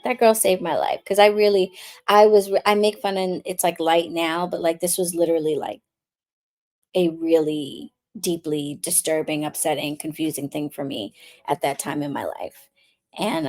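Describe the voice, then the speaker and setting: A woman's voice: on the low side, darkish tone. A woman hosting a live stream, telling a candid personal story with casual swearing before moving into a zodiac reading. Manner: frank, swears freely, chatty. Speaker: witch coach and card reader.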